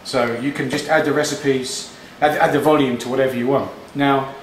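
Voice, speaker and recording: Casting note: chatty home cook, mid-pitched, roomy kitchen, mic a bit distant. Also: male voice, fairly even intonation, moderate pace, a little hiss or hum. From England. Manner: chatty, rambling, with frequent restarts. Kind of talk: casual cooking demonstration. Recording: echoey kitchen, distant mic, frying sizzle.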